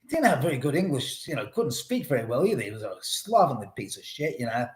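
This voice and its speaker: A man's voice: medium pitch, big pitch swings, fast. A man hosting a live stream from his home, telling a rambling, profane story in a casual way. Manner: rambling, profane, restarts often. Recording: roomy echo.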